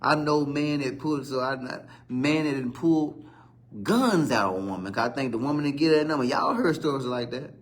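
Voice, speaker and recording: A man's voice: mid-range voice, moderate pace. Profane thirties male host, rambling storyteller, mid-range voice. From Virginia, USA. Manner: rambling storytelling with profanity and animated quoted outbursts. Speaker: talk show host. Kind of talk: casual live-stream monologue.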